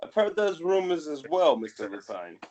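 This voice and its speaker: A man's voice: a little high, big pitch swings, moderate pace, darkish tone, dull audio, slight background noise. A man voicing a suspicious male city guard who questions a suspect in a probing, coaxing way and calls him sir.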